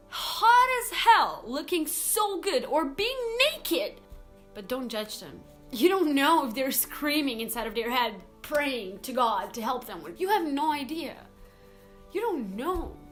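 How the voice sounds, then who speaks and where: A woman's voice: a little high, fairly bright tone. Earnest young woman vlogging to camera. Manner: earnest, talks fast with fillers like "like" and "you know". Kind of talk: casual confessional monologue to camera.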